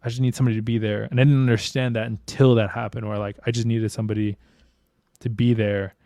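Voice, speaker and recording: Man, podcast co-host, casual chat, candid, swears a lot, smooth clear voice, dry close sound. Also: fairly low pitch, flat delivery, fast, mellow, no echo. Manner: candid, swears freely, slangy.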